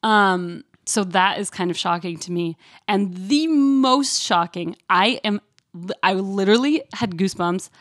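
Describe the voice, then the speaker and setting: A woman co-hosting a podcast in casual chat, animated and acting out quotes in a high voice. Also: unhurried, no room sound, clean studio sound. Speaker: podcast co-host.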